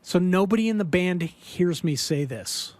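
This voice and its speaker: A man's voice: sits high, moderate pace, no echo. A man who hosts a podcast and sings in a band, telling a story casually and acting out the quotes with lots of fillers. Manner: animated, acts out quotes, many fillers. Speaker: podcast host and band singer.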